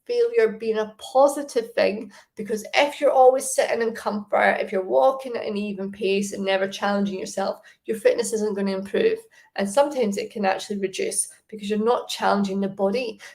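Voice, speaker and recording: A woman's voice: mid-range voice, vocal fry, darkish tone. A woman, a fitness coach, giving casual, encouraging advice and putting questions to the listener. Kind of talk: casual advice talk to camera.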